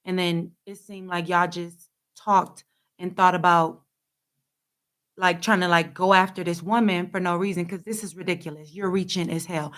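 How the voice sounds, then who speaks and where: A woman's voice: lowish voice, a little slow, pauses often, a bit bright. A young adult woman hosting casual commentary, blunt and sassy, talking back at the clips she plays. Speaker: host.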